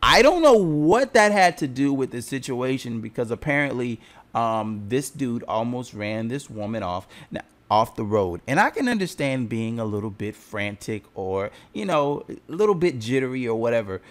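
A man in a casual commentary host role, talking in a bemused and conversational way. His pitch moves around a lot. His voice sits at an average pitch for a man. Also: sing-song, normal speed.

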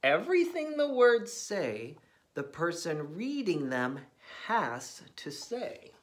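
A man's voice: a little high, big pitch swings, slow. A man hosting a read-aloud of a children's book, playful and mock-exasperated at the silly words. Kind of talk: animated read-aloud for kids.

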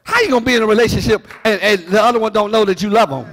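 A middle-aged man preaching a sermon, swinging from soft asides to shouted, half-sung phrases. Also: high-pitched, very fast. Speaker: pastor.

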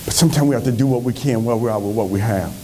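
A man giving an energetic motivational speech on a conference stage, telling stories with animated delivery. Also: mid-range voice, racing. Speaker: motivational speaker.

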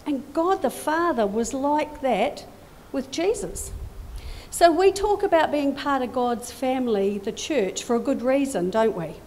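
A middle-aged woman giving a children's talk in a church service, animated and full of questions to the children. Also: high-pitched, a little slow, a little hiss or hum.

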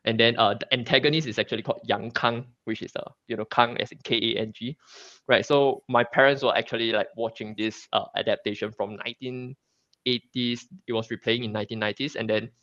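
A man's voice: medium pitch, fairly even intonation, fairly quick, a bit bright, no room sound, dull audio. A man from Singapore talking casually as a guest comic creator, chatty, with many fillers and restarts. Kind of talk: casual interview chat.

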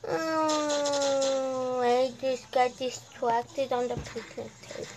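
A woman giving casual gameplay commentary, excitable, humming suspense sounds and talking to the characters on screen. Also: high-pitched, takes it slowly, noisy background. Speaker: gamer host.

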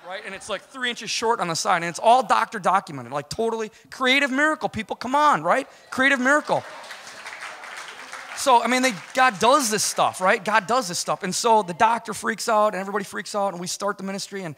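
A man's voice: high voice, brisk. A man telling his personal testimony to a church audience, speaking emphatically in a loose, conversational way and checking in with "right?". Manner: animated, emphatic, conversational, keeps asking "right?".

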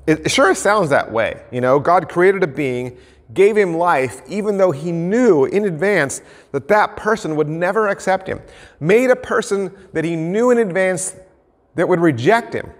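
Brief: male pastor, conversational sermon, slightly high voice, long hall reverb. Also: animated, a little slow. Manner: conversational, illustrates points with everyday stories and role-play.

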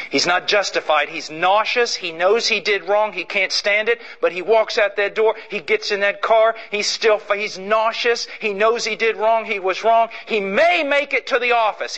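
A man's voice: sits high, pushed and bright, rough recording. A man preaching a sermon in an emphatic, repetitive way, acting out illustrations.

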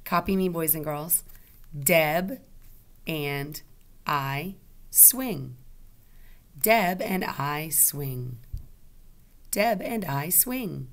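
A woman teaching kindergarten, speaking patiently and stretching out example sentences word by word for the children to copy. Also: lowish voice. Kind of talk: slow children's lesson.

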